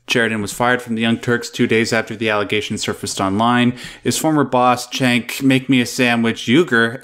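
A man's voice: mid-range voice, a bit bright. Chatty male talk-show host. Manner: chatty, laughs often, reads news aloud. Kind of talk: casual online news talk show.

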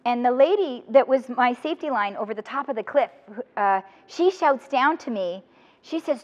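Woman speaker, high voice, humorous and animated; long hall reverb, dull audio. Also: moderate pace. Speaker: motivational speaker. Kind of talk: lively talk to student teachers.

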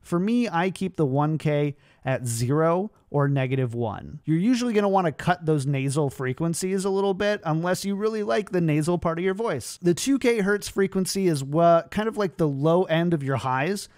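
A man hosting a tech tutorial, giving upbeat, clear explanations at a home streaming setup. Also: a little high, animated, normal speed, few pauses, darkish tone, dry recording, studio quality.

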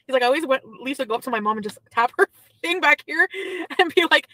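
A woman's voice: high voice, expressive, fast, sharp tone, poor audio. A woman chatting casually on a livestream from her car, gossiping and reading out chat messages.

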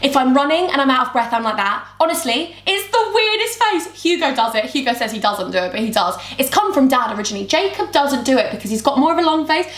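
A woman's voice: sits high, very animated, quick pace, few pauses, fairly bright tone. A woman, chatting and rambling through a makeup tutorial as she talks to her camera. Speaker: beauty vlogger. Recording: roomy echo.

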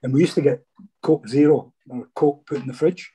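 A middle-aged man tells stories in a chatty, casual way, calling his listener "mate" again and again. His voice is husky and dark, with a mellow, low-lying tone. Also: steady tone, normal speed. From Scotland. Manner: chatty, peppers speech with "mate". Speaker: former footballer guest. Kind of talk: casual interview storytelling.

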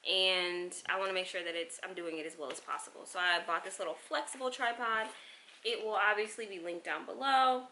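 A chatty young woman talks straight to her viewers as she opens packages and gushes over each one. Her voice sits at an ordinary middle pitch. Steady background noise runs under the whole recording. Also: brisk. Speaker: vlogger. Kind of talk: casual unboxing vlog.

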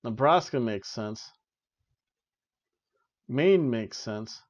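A man's voice: medium pitch, animated, very slow, no room sound, dull audio. A young man hosting a wrestling review podcast, giving casual, joking play-by-play with lots of fillers. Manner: rambling, joking, frequent "uh" and "like".

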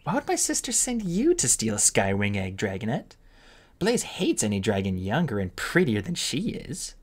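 A man's voice: lowish voice, huge pitch swings, normal speed. A man voicing a cruel hissing dragon queen. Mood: scornful. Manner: sneering, hissing, theatrical taunts. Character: cruel mocking female sand dragon queen.

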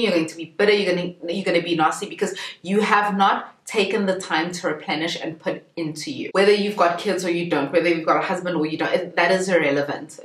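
Earnest woman in an echoey room. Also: on the low side. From South Africa. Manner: earnest, emphatic, repeats points for stress. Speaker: lifestyle YouTuber. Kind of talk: motivational talk to camera. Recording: echoey, distant from the mic.

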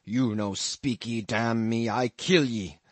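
A man's voice: medium pitch, slow, no echo, natural voice. A man growling as Queequeg, the wild harpooneer. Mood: menacing. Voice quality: growling, guttural. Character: wild male cannibal harpooneer speaking broken English. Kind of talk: audiobook character voice.

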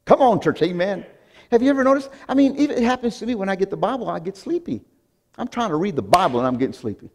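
Male pastor, high voice, emphatic sermon delivery with stammered restarts and call-outs to the church. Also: big pitch swings, quick pace, darkish tone. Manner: emphatic preaching with repeated call-outs to the congregation; frequent stammered restarts and chuckles.

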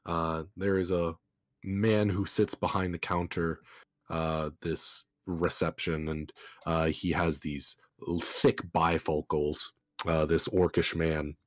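A man's voice: sits low, flat delivery, slow, dry recording. A man narrating as game master in a tabletop fantasy game, describing scenes at a leisurely pace with many ums and uhs.

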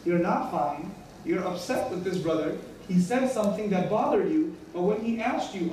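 A man's voice: high voice, lively intonation, normal speed, a little mellow, slight background noise. A man giving an earnest Friday sermon, acting out short everyday dialogues as he explains. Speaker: preacher. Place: large mosque hall. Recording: distant echoey hall recording.

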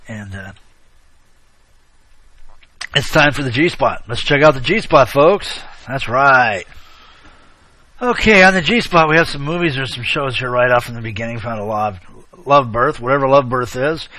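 Chatty male online show host, bright tone. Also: medium pitch, no echo. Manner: rambling, chummy, sarcastic asides, frequent shout-outs. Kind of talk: casual chat, rambling commentary.

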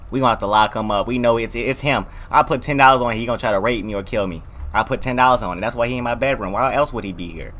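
A man giving let's play commentary on a horror game, loud and jumpy, joking through his reactions in heavy slang. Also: mid-range voice, expressive, fast talker, slight background noise. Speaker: gaming video creator.

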